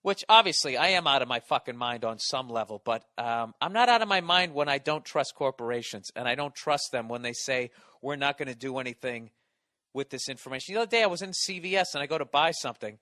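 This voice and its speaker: A man's voice: mid-range voice, lively intonation, quick pace, sharp tone, dry recording, studio quality. A man hosting a podcast, delivering an exasperated, profanity-laced comedic rant full of restarts. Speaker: podcast host. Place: Los Angeles.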